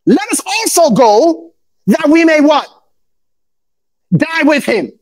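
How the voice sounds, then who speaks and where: High-voiced man preaching with fervor. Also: very animated, slow. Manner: call-and-response preaching, often bursts into shouts; reads scripture aloud in old formal English. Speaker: pastor. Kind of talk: sermon.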